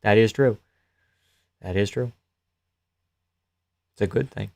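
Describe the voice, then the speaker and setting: A man hosting a live fight-reaction stream, chatting loosely and profanely with his viewers and often trailing off quietly. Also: lowish voice, takes it slowly, gravelly, dry recording. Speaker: live-stream host reading chat.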